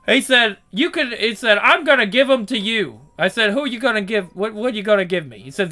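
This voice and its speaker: A young man with a high, forceful, bright voice tells his stories in a loose, profane way. He slips into the other people's lines as he goes. Soft music plays faintly behind him. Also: lively intonation, moderate pace. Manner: profane, acts out quoted dialogue. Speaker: storyteller. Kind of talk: casual storytelling.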